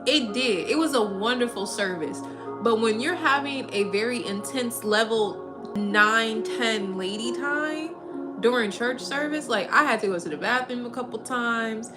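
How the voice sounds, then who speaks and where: A young woman from Minnesota, hosting a casual livestream and telling a story in an animated, slangy way with bursts of laughter. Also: a little high, measured pace. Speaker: livestream host. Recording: music playing behind.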